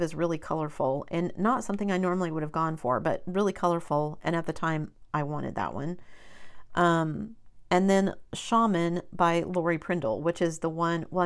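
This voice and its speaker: A woman hosting her own crafting channel, talking in a rambling, chatty way with many ums and self-corrections. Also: on the low side. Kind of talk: casual chat.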